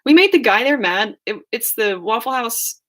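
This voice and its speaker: A hoarse young woman chatting casually on a livestream, rambling and laughing at herself. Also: a little high, expressive, moderate pace, a bit bright. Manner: rambling, giggly, self-deprecating. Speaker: livestream host.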